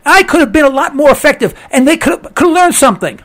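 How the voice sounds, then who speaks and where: A man hosting a call-in talk radio show, hoarse with laryngitis, ranting with exasperation and repeating himself. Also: very high voice, expressive, fast, fairly bright tone.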